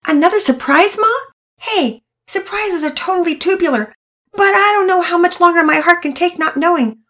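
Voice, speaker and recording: A woman voicing an excitable, impatient boy who talks in slang. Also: medium pitch, normal speed, pitched above the performer's own voice. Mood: eager.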